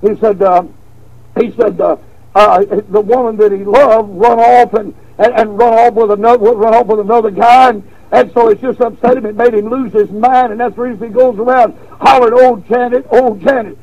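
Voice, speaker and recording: A man preaching a revival sermon, telling a folksy story with repeated words, then stressing points with slow emphasis. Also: sits high, fairly even intonation, a little mellow, lo-fi sound.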